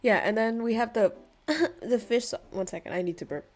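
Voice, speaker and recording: A woman's voice: a little high, normal speed, faint music behind. A woman from Vietnam with an American-tinged accent, chatting casually as a streamer, blunt and playful, swearing and laughing often. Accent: American-influenced English. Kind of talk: casual chat.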